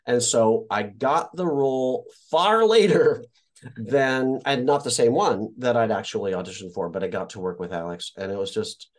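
A man's voice: medium pitch, normal speed. A man from Indiana, an actor and guest, telling stories casually in an interview, swearing freely and acting out the voices of people he quotes.

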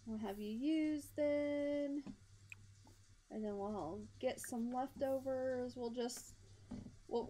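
A woman's voice: a little high, dark tone, a little hiss or hum. A woman giving casual commentary while playing a life-sim game, chatting to her character and laughing often. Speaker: gameplay commentator.

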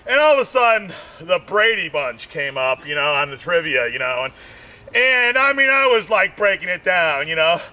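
High-voiced rambling stand-up comedian man. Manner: meandering, drawling, peppered with "you know, man"; bursts into shouting and sung snippets.

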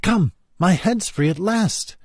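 A man voicing a polite, truthful little girl in a storybook reading, raising his voice high and bright. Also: huge pitch swings, unhurried, husky, no room sound, heavily acted. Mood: alarmed. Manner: raised, bright voice.

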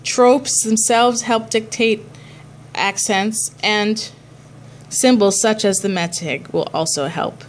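A woman's voice: mid-range voice, a little hiss or hum. A woman cantor teaching a class on chanting prayers, explaining patiently and chanting short examples.

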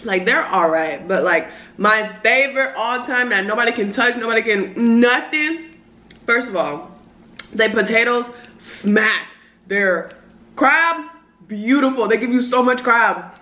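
A woman's voice: fairly high pitch, expressive, unhurried, bright, forceful tone. Chatty young woman eating on camera. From Southern California. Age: early 20s. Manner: chatty, slangy, talks while eating. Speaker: vlogger. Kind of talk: casual mukbang chat. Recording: roomy echo.

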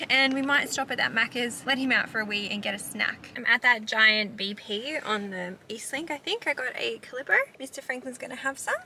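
A woman's voice: fairly high pitch, sharp tone, slight background noise. A young Australian woman talking frankly and casually to camera in a vlog, swearing freely. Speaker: vlogger.

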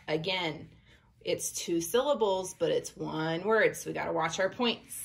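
A woman's voice: fairly low pitch, creaky. A woman teacher giving a reading lesson to young children, reading a book aloud word by word in an encouraging way. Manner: encouraging, slow read-aloud pointing at each word.

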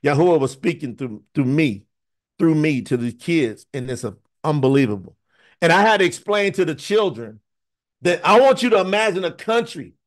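Male preacher, higher voice, animated and emphatic, talks straight to his viewers. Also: moderate pace. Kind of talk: online scripture teaching.

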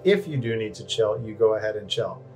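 A man's voice: fairly low pitch, lively intonation, brisk, darkish tone, soft background music. A man vlogging from a cold bath in his home bathroom, talking candidly and coaching viewers in a self-deprecating way. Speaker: wellness vlogger. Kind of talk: casual talk to camera.

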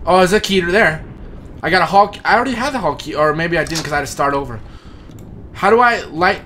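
A man commentating his own horror game playthrough, jumpy and excitable, swinging from nervous mutters to panicked yelps. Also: on the high side, a little fast, a little hiss or hum. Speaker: gaming channel host.

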